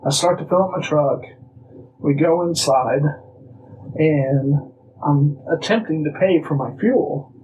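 A man from Illinois, a guest telling a personal story casually, animated and acting out bits of dialogue. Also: fairly high pitch, slow pace, pauses often, highs cut off, a little hiss or hum. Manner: animated, acts out dialogue, restarts phrases.

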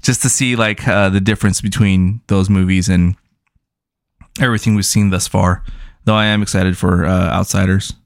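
A man's voice: sits low, fairly even intonation, moderate pace, creaky, no room sound, clean studio sound. A young man co-hosting a movie review podcast, talking loosely, joking and swearing. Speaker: podcast co-host. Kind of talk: casual movie review chat.

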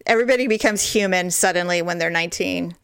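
A woman in her forties chatting casually as a podcast host, candid and quick to laugh, with frequent swearing. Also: lowish voice, fairly bright tone, smooth, no echo, studio quality. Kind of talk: casual chat.

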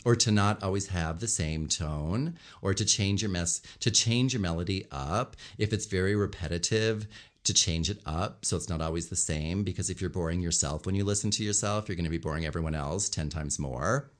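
Here a low-pitched male communication coach talks at normal speed, breaking down body language and the melody of the voice. His delivery is lively, and he performs sample tones and gestures as part of the lesson.

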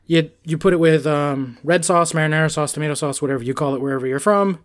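Man, fairly high voice, animated podcast chat, laughs a lot, swears. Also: quick pace. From New York.

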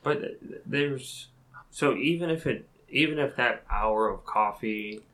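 Earnest man with a bright voice. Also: mid-range voice, takes it slowly, poor audio. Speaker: podcast co-host. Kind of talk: casual chat.

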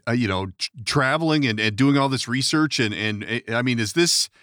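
A man hosting a podcast interview who asks quick questions with restarts and short reactions. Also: medium pitch, a bit bright, no echo, clean studio sound. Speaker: podcast host. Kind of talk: casual interview.

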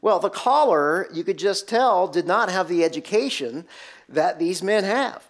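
Male pastor, slightly high voice, relaxed storytelling sermon. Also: a little slow. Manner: storytelling preacher, asks rhetorical questions.

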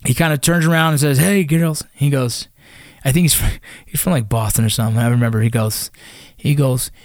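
Recorded in clean studio sound with no echo, a former Army Ranger with a fairly high-pitched voice tells a personal story. His delivery is casual and blunt, loaded with swearing and filler words.

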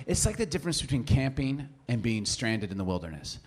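Acting out each relative's voice, a forties-aged pastor brings a family story to life in his sermon. His voice is medium-pitched and slightly rough, and his pace is a little quick.

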